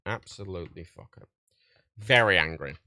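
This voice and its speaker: A man's voice: low-pitched, normal speed, pushed and bright, no echo. A man streaming live, telling a story in a casual, profane rant and acting out quoted exchanges in other voices. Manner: profane, exasperated ranting storyteller. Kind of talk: casual livestream chat.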